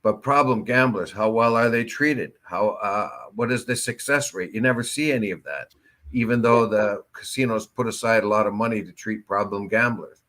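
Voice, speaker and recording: A man's voice: fairly low pitch, moderate pace, fairly bright tone. A man co-hosting a local talk show in casual chat, with a rambling, anecdotal way of talking.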